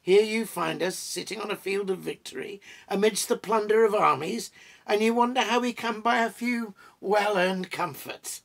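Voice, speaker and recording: A man's voice: high-pitched, vocal fry, fairly bright tone, pitched above the performer's own voice. A man voicing a witty young male hobbit who teases his friends in a storybook reading. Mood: teasing. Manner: teasing, quick-witted.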